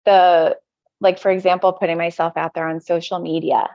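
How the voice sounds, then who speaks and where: A woman from the United States, a podcast guest, talking reflectively and haltingly, often restarting her thoughts. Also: lowish voice, little pitch movement, vocal fry, dry recording. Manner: hesitant, self-searching, frequent restarts. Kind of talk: reflective conversational interview. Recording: slightly dull lo-fi audio.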